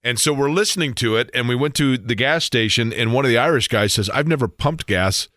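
A man, hosting a sports radio show and telling stories in a casual, animated way. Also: medium pitch, fast, no room sound, clean studio sound. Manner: storytelling, animated in quoted bits.

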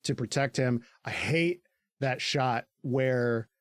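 A man co-hosting a podcast, recapping an anime in casual, profane chat, laughing often and jumping into squeaky character voices. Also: takes it slowly, no echo, clean studio sound.

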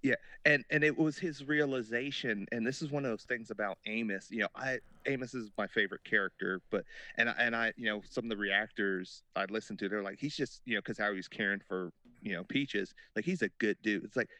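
Podcast co-host, male, lowish bright voice, dry sound, emphatic chat. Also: a little fast, few pauses, no echo. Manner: emphatic, lots of "you know". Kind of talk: casual chat.

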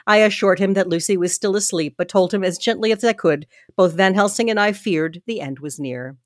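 A woman reads a novel aloud at home in a steady narrating voice, with small stumbles along the way. The sound is dry and close. Her pitch sits in a middle range. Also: brisk, no echo. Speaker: host reading a novel aloud. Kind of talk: reading aloud with chat.

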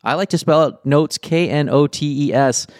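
A man's voice: on the high side, normal speed, darkish tone, no room sound, studio quality. A man co-hosting a podcast in casual chat, friendly as he runs through the episode details. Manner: friendly, runs the rundown, some restarts. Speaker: podcast co-host.

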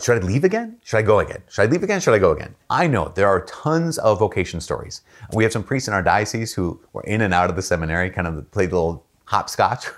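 A man speaking as a Catholic priest in a casual faith talk, telling stories in a chatty way and raising his voice to act out the people he quotes. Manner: storytelling, jumps up in pitch to act out quoted people; relaxed, chatty, with frequent fillers and restarts.

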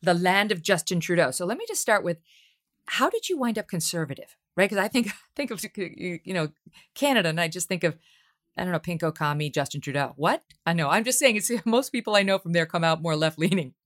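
A woman hosts an interview in a low voice, talking fast. She asks quick questions and teases her guest, laughing as she goes. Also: expressive. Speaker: podcast host. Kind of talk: interview conversation.

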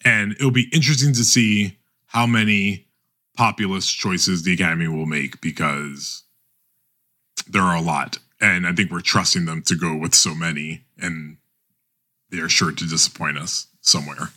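A man co-hosting a podcast, chatting casually about awards season in a rambling, halting way full of restarts. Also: low-pitched, steady tone, pushed and bright. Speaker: podcast co-host.

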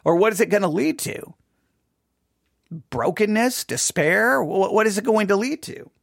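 A man giving an informal Bible study talk, animated, acting out quoted lines with rising emphasis and conversational restarts. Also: high-pitched, normal speed, gravelly, no echo, studio quality. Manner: animated, voices God's words with rising emphasis. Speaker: Bible teacher.

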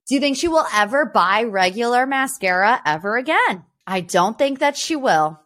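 A woman's voice: fairly high pitch, a bit bright. Sarcastic, opinionated woman podcast host. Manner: sarcastic and opinionated, many rhetorical questions; chatty, frequent "you know" and "like". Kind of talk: casual pop-culture commentary.

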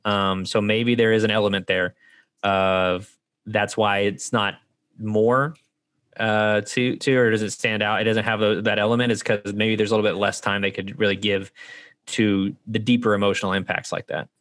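A man in casual conversation reviewing an animated film, talking animatedly and acting out lines from the characters. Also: on the low side, moderate pace. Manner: animated, acts out quoted characters. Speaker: podcast co-host. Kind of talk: casual movie review chat.

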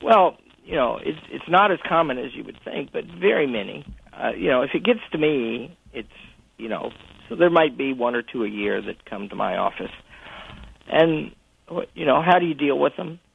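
A man with a gravelly, husky voice tells a story over a tinny, dry phone line. He talks in an anecdotal way and keeps stopping to restart his sentences, the way a college president might recount a case from his years on the job. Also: medium pitch, lively intonation. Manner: anecdotal, halting with frequent restarts. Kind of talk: telling a story in a phone interview. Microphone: telephone.

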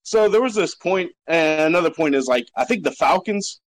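Excited guy calling in, kinda stumbly, slightly higher voice. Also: normal speed. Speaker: caller. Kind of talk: casual sports chat.

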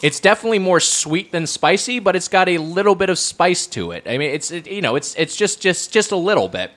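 A man's voice: high voice, lively intonation, brisk, a bit bright. A man co-hosting a casual food podcast, rambling and correcting himself as he jokes and reviews. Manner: rambling, self-correcting, jokey. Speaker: podcast co-host.

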